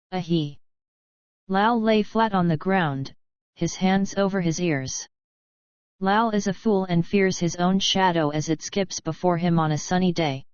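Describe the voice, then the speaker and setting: A woman narrating an audiobook in a measured, even reading. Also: lowish voice, smooth, dry recording, highs cut off. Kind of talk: scripted narration.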